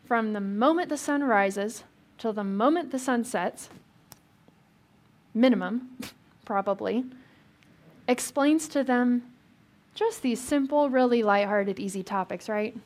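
This woman pastor preaches slowly and conversationally, her voice pitched a bit above most. Along the way she questions the congregation and adds little bits of humor.

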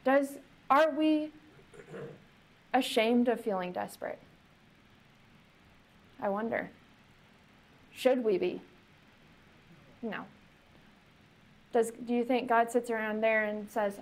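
A woman's voice: on the high side, takes it slowly, pauses often. Conversational woman pastor preaching. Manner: conversational, asks the congregation questions. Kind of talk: sermon.

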